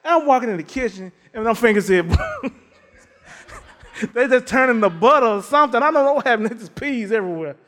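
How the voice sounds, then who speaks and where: A man's voice: very high voice, fairly quick, big-room sound. A middle-aged man preaching a sermon, telling folksy stories with lots of laughter. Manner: animated, folksy storytelling with laughter. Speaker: pastor.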